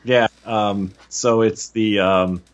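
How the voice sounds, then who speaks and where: A man's voice: lowish voice, steady tone, slow, muffled recording. A man co-hosting a podcast, guessing answers in casual chat with a self-deprecating, hesitant manner. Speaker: podcast co-host.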